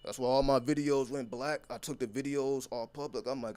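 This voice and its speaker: A man's voice: mid-range voice, fairly even intonation, brisk, a little mellow, clean tone. A man talking straight to his viewers as a content creator, delivering an unscripted motivational monologue that is blunt, intense and heavily profane.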